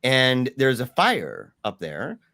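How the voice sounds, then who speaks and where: A man guest telling a story in casual talk, animated, with many restarts and fillers. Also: medium pitch, slow pace, gravelly, no echo, clean studio sound.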